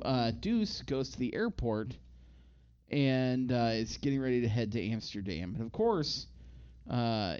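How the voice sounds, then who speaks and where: A man's voice: medium pitch, a little mellow, smooth. Man, podcast co-host, casual rambling recap, slightly dull lo-fi sound. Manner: rambling, acts out quotes in put-on voices. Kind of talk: casual chat.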